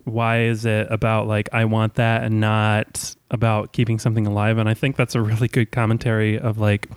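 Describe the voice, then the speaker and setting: A man co-hosting a podcast, talking casually with many fillers and pauses to find his words. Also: on the low side, completely flat delivery, smooth, dry recording. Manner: casual, lots of "like", searches for words. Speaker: podcast co-host.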